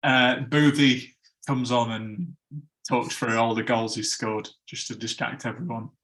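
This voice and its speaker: A man's voice: mid-range voice, steady tone, a little slow, a bit bright. A man hosting a casual podcast chat, chatty and laughing at his own slip-ups. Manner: chatty, stumbles over ad reads and laughs at himself. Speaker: podcast host.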